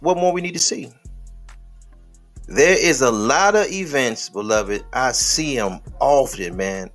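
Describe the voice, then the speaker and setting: A man's voice: mid-range voice, fairly bright tone. A man hosting a podcast in casual commentary, preachy and full of rhetorical questions, addressing listeners as beloved. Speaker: podcast host.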